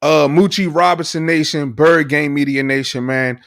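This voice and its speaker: A man co-hosting a casual sports talk stream, animated and enthusiastic. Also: fairly high pitch, moderate pace, dry recording. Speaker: podcast co-host.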